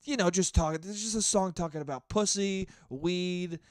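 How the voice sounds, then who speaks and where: A man's voice: high-pitched, normal speed, clear, resonant tone, no echo. Brief: a young man rambling alone into a mic, loose and profane, in a dry, close sound. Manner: rambling, heavy swearing, laughing asides. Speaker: podcast host. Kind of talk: casual solo podcast. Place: his apartment, indoors.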